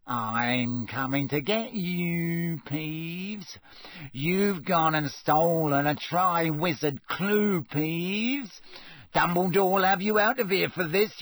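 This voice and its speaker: A man's voice: fairly high pitch, lively intonation, slow pace, fairly bright tone, no echo, voice pushed up. A man voicing a spiteful old male school caretaker in an audiobook, with a gleeful, wheedling, malevolent whine. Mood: menacing. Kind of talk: audiobook character voice.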